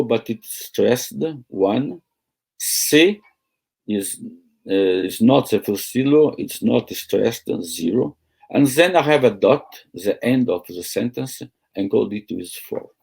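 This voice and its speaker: Slow, halting male lecturer. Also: mid-range voice, creaky, warm tone, breathy edge. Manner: slow, halting, with many pauses and fillers. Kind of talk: academic lecture. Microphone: video call.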